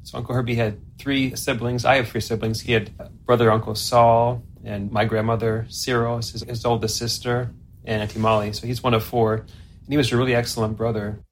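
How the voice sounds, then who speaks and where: A man in his thirties tells a family story in a relaxed, chatty way. He speaks at an ordinary pitch from a room in his home. A faint hiss of noise sits under his voice. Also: fairly quick. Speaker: interviewee, family member. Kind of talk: casual storytelling.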